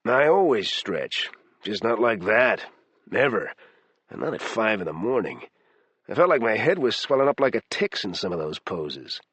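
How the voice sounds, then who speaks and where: A narrator plays a wisecracking man in his mid-forties, easygoing and a bit worn out. The voice sits low and a little husky. It sounds dry and close. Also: big pitch swings, normal speed, a bit bright, no echo, heavily acted. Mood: joking. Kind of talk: audiobook character voice.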